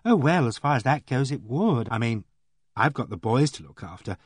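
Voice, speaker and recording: A man's voice: medium pitch, big pitch swings, normal speed, breathy edge, dry recording. A male reader voicing a kindly young woman who chatters earnestly and fusses over others. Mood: doubtful.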